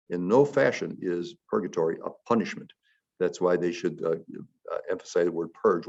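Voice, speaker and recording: A man's voice: low-pitched, muffled recording. A man, a priest, leading an informal Bible study, rambling along with many fillers and restarts.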